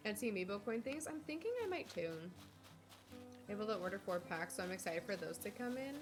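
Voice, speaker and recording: A young woman streams a cozy game, chatting loosely with her viewers and wandering from thought to thought. Her voice sits at an ordinary middle pitch. Game music plays clearly underneath her talk. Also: lively intonation, brisk. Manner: chatty, rambling, talks to chat, swears casually. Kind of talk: casual gameplay chat.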